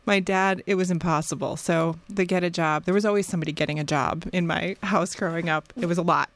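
A woman's voice: on the low side, fairly quick, no room sound. A woman author from the United States, a guest in a radio studio, telling stories with enthusiasm. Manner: enthusiastic, animated storyteller. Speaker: author guest and occasional guest host. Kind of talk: casual radio interview.

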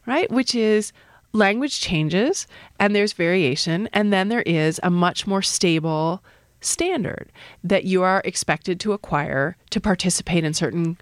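A woman's voice: fairly low pitch, unhurried, no room sound, clean studio sound. A middle-aged woman, a linguist, answering interview questions in a thoughtful, explanatory way, sometimes restarting her sentences. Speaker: linguist, usage panel member.

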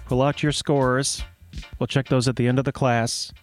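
A man's voice: medium pitch, level tone, moderate pace, soft background music. A man hosting casual spoken commentary, dropping wry, joking asides. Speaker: host.

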